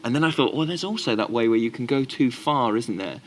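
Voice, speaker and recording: A man's voice: mid-range voice, fairly quick, a little hiss or hum. A man, co-hosting a casual podcast chat and telling stories animatedly, often putting on the voices of the people he quotes. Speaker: podcast co-host.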